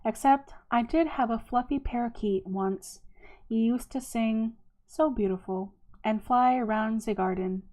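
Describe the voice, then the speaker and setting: Woman putting on a slow, mournful German-accented man. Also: on the high side, warm tone, lightly acted. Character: odd, gloomy grown man with a German accent.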